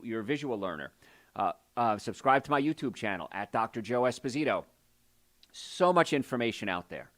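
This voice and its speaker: A man hosting a call-in health show as a doctor, talking in an energetic, folksy, salesy way. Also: medium pitch. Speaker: radio show host and doctor. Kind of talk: call-in health radio talk.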